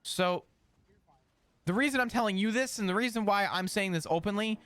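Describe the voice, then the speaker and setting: A man in character on a roleplay server, recounting a string of events in an animated, rambling way. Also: sits high, fairly quick, no echo.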